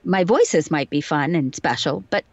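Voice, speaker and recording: A woman with a light received pronunciation English accent talks casually as an interview guest, modest and chatty, often giving examples. Her voice sits a little low. The sound is dry and a touch dull, like a remote call mic. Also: animated, normal speed, a little mellow, dry recording. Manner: chatty, self-deprecating, explains with examples. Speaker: voice actor guest.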